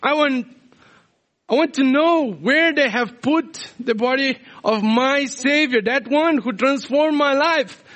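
A man's voice: slow, fairly bright tone, exaggerated voice. A man voicing a grieving woman disciple who refuses to leave, pleading and insistent. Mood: desperate. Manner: pleading, insistent, high and strained.

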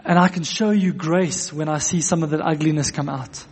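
A man's voice: fairly high pitch, fairly even intonation, moderate pace, darkish tone, husky. A man preaching a sermon to a congregation, earnest, repeating phrases for emphasis. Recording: long echo of a church hall.

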